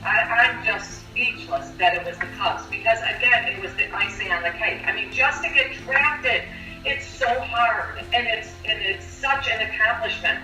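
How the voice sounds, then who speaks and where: Bright, emotional middle-aged woman, roomy. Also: a little high, moderate pace, distant mic, soft background music. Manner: emotional, vivid storytelling. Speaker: mother of the player. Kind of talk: casual interview. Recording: roomy, off-mic sound.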